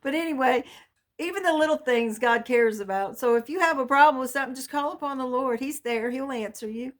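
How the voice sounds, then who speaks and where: A woman's voice: high voice, a little fast. A mother earnestly telling a personal faith testimony in a folksy storytelling way.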